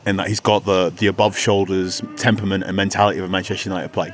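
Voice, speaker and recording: A man's voice: low-pitched, little pitch movement, very fast, hardly any pauses, slight background noise. A man as a pundit in casual podcast chat, impassioned and demanding more from the team.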